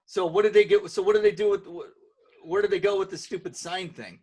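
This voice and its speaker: A man's voice: high-pitched, fairly even intonation, brisk, a little mellow. A man hosting a podcast in casual chat, blunt and profane in his rants. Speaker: podcast host.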